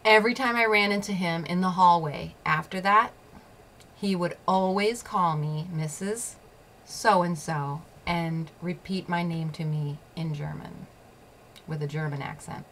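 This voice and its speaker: A woman's voice: on the low side, unhurried, a bit bright. A woman hosting her own show, telling a personal story in a blunt, profane way and laughing often. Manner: repeats phrases for emphasis. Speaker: show host.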